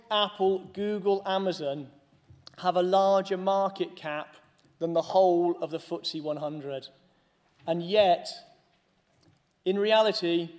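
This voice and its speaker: A man's voice: sits high, a little mellow. A man giving a conference keynote speech, mixing serious points with humorous asides to the audience. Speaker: conference speaker.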